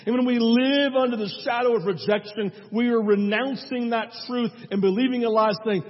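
A man's voice: extremely high pitch, steady tone, normal speed, few pauses. A male pastor preaching a sermon, telling a story with emphatic, repeated phrases, in a dull, reverberant church hall recording.

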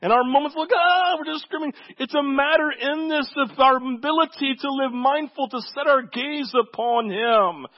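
Man preaching a sermon, high voice, conversational, dull lo-fi sound. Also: moderate pace, hardly any pauses. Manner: conversational preaching, frequent "right?" asides. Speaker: pastor.

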